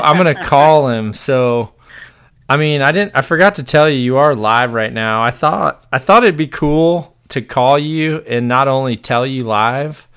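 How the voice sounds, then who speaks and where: A man's voice: mid-range voice, fairly bright tone, clean tone. Upbeat American man hosting a podcast. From born on an army base in the US. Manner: upbeat, laughs easily. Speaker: podcast host. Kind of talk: casual chat.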